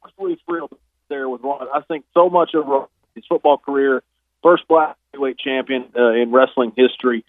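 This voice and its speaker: A man in his fifties telling stories as a guest on a phone interview, relaxed and chuckling now and then. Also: mid-range voice, fairly quick, no echo. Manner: relaxed storyteller, chuckles often. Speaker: guest, retired pro wrestler. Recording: dry tinny phone line.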